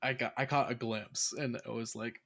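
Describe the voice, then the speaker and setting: Man telling a story with animated swears. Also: medium pitch, normal speed. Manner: animated storytelling, heavy swearing, laughs often. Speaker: podcast host. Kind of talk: casual chat.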